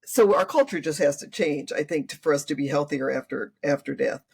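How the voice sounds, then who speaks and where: A woman's voice: low voice, fairly quick, gravelly, darkish tone, slightly rough. An older woman, a grandmother, talking earnestly as an interview guest and acting out what her family says. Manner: earnest, acts out family quotes. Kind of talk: conversational interview.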